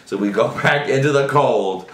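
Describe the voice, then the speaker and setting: A man's voice: medium pitch, normal speed. A man hosting a casual video chat, telling a story and acting out the voices of the people in it. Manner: animated, acts out quoted voices. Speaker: vlog host. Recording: echoey room, faint noise.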